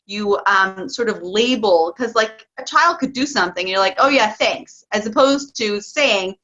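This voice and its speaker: Bright-voiced chatty woman, dull lo-fi sound. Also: on the high side, normal speed, hardly any pauses. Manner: chatty, excitable, laughs often. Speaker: parenting coach guest. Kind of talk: casual interview talk.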